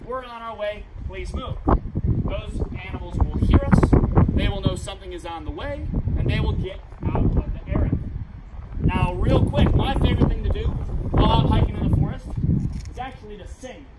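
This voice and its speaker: Male park ranger, high voice, projecting to a crowd outdoors, heard from a distance with loud noise around. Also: sing-song, normal speed. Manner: projecting, upbeat, leads call-and-response. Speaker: park ranger giving a talk.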